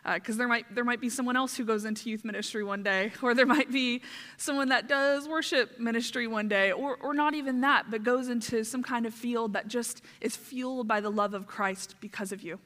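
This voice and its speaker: Young woman, ministry resident, tearful, halting church address, higher voice, reverberant sanctuary. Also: steady tone, fairly bright tone. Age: young adult. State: emotional, close to tears. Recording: long hall reverb.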